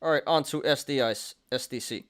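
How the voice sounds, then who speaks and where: A man's voice: mid-range voice, moderate pace, fairly bright tone. Chatty young man talking stocks. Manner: chatty, laughs often, many fillers and restarts. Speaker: stock and crypto show host. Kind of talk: casual market commentary.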